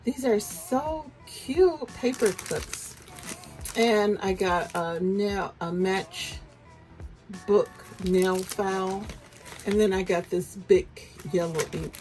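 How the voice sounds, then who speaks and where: An unboxing vlogger at her home desk opens gifts for viewers, chatting casually and gushing breathlessly with delight. She speaks slowly in a slightly mellow mid-range voice, over soft background music in a poor-quality recording.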